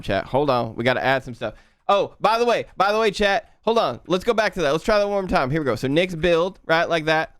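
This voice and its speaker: A man's voice: sits high, clear, resonant tone, no echo, clean studio sound, voice pushed up. A man putting on an exaggerated Southern redneck accent while live coding and talking to his chat. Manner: loud, playful, drawling, talking to chat. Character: exaggerated Southern redneck coder, male, boastful and folksy. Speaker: livestreaming programmer.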